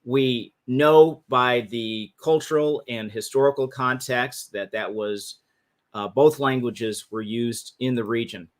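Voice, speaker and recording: A man's voice: medium pitch, slow pace. A man hosting a livestream, explaining history in a casual teaching talk that often restarts its phrases. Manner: casual, restarts phrases, talks through slides. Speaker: host. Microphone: livestream mic.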